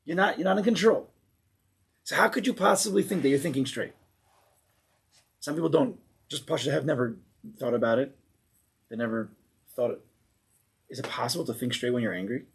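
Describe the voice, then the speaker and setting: A man giving an informal Torah class to a small group, animated and acting out angry people as he explains. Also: medium pitch, a little fast, creaky, pauses often, husky.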